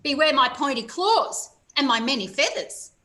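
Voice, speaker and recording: A woman's voice: high voice, lively intonation, moderate pace, sharp tone. A woman voicing a small, brave, defiant hen in a children's story, making firm and proud declarations.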